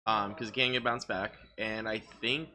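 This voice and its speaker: A man doing relaxed live commentary on a card game tournament, chatty and low on energy. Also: normal speed, a little hiss or hum. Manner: relaxed, chatty, lots of filler words.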